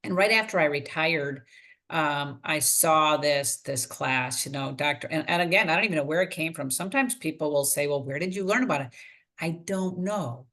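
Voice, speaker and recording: A woman's voice: sits low, moderate pace, fairly bright tone. An older woman, a retired pharmacist, speaking casually on a panel about her own path and often acting out her past thoughts in quotes. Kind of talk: casual testimonial on a video call.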